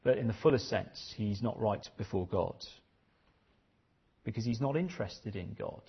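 Husky preacher, earnest sermon. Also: male voice, lowish voice, animated, normal speed, dull audio. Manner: earnest, questioning, repeats phrases.

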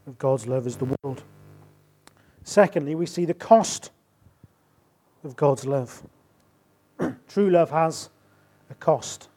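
A middle-aged man preaching a sermon, rising to emphatic bursts and dropping to quiet asides. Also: fairly high pitch.

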